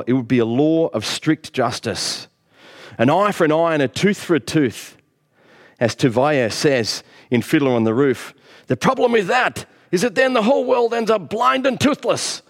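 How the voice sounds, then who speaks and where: A man's voice: mid-range voice, darkish tone. Earnest male pastor preaching. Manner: earnest, rising emphasis on key phrases. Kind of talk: sermon.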